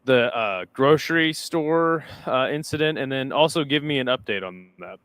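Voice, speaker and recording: A man's voice: mid-range voice, animated, moderate pace, a bit bright, clean tone, no room sound. Laid-back man reading chat comments. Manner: laid-back, hesitant, many ums. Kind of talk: casual chat.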